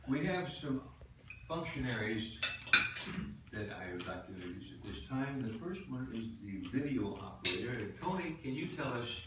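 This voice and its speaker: A jovial older man chairs a club meeting, laughing often as he introduces people. He sounds far from the mic in an echoey room, with dishes and cutlery clattering loudly behind. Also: mid-range voice, sing-song, moderate pace, heavy background noise. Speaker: meeting host, toastmaster.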